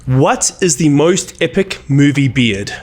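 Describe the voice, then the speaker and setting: A man's voice: on the high side, animated, slight background noise. A man moderating a casual movie debate, keeping time and laughing often between rounds. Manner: brisk timekeeping, laughs often. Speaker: debate show host.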